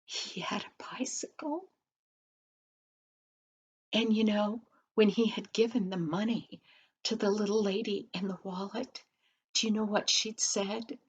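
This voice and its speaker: An older woman, a grandmother, telling a children's story in a gentle way and asking her listeners questions along the way. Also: mid-range voice, measured pace, long pauses, husky. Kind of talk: bedtime story narration. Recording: dull lo-fi recording.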